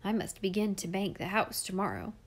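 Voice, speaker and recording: A woman's voice: medium pitch, normal speed, darkish tone, lightly acted. A woman reading a storybook, voicing an easygoing old farmer uncle in a mild, musing tone.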